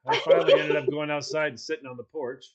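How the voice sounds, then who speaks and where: A man's voice: fairly high pitch, fast, highs cut off, a crowd in the background. A man co-hosting a casual chat show, telling a comic story and acting out the other people in it. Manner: animated, acts out quoted voices. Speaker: podcast co-host.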